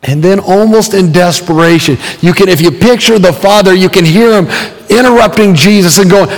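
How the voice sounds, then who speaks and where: Pastor, man, slightly high voice, relaxed storytelling sermon with fillers, long church reverb. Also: moderate pace. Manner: conversational storytelling with frequent fillers, acting out quoted voices.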